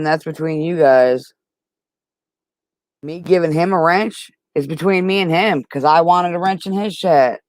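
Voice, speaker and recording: A man's voice: a little high, a little slow, no room sound. A man hosting a livestream, arguing with chat in a heated, profane, casual way. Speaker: livestream host.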